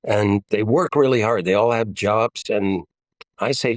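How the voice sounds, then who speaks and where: Blunt, wry older man, low voice. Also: a little slow, no room sound. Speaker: guest. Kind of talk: casual interview conversation.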